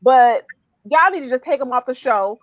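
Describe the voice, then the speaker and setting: Woman, high voice, animated ranting reality-TV chat, dull dry lo-fi sound. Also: normal speed, no room sound. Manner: animated, exclamatory, fired-up ranting. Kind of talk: casual reality-TV recap chat.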